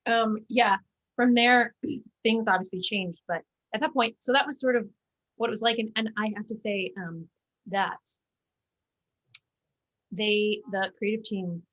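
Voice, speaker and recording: A woman chats as a guest in a relaxed interview, her talk full of fillers, restarts and quick asides. Her voice sits at an ordinary middle pitch. The recording sounds a little dull and muffled. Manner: chatty, many fillers and restarts. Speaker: guest, musical theater actor. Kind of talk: casual interview chat.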